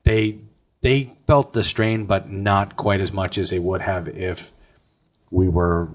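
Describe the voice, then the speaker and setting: A man's voice: sits low, fairly even intonation, takes it slowly. A middle-aged man, a podcast co-host, telling a long personal story in a rambling, casual way with some swearing. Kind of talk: casual chat.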